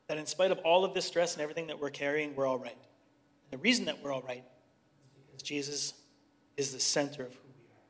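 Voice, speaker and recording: A man's voice: a little high, quick pace. A middle-aged man, director of a youth organization, earnestly sharing a personal testimony and then leading a prayer, talking conversationally and restarting sentences as he searches for words. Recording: long hall reverb.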